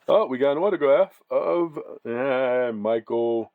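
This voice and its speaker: Narrow, tinny audio with no echo captures a man speaking slowly at a medium pitch. He's a card-breaking channel host who rambles through casual chat while opening trading card packs, often stopping to correct himself.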